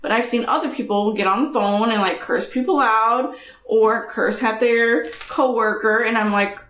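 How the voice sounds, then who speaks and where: Woman, podcast co-host, casual chat, blunt, cursing, slightly high voice, echoey room. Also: moderate pace. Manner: blunt, animated, frequent cursing.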